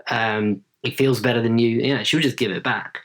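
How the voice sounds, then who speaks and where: A man's voice: medium pitch, steady tone, fairly quick, fairly bright tone. Chatty man in his late thirties. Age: late 30s. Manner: chatty, tags sentences with "right?". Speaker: podcast guest. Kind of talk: casual interview storytelling.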